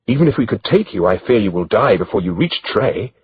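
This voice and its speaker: A man voicing a kind young noble maiden with a gentle, teasing manner, in a slightly dull lo-fi recording. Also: lowish voice, very animated, brisk, husky, heavily acted.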